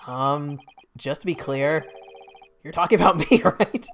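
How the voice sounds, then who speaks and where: A woman's voice: sits low, unhurried, slight background noise, pitched below the performer's own voice. A woman voicing an earnest, flustered young man who talks politely and hesitantly.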